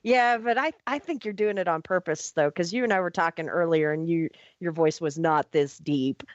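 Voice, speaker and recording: A woman hosting a casual radio talk show, upbeat and quick to laugh. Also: lowish voice, no room sound. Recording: muffled radio broadcast audio.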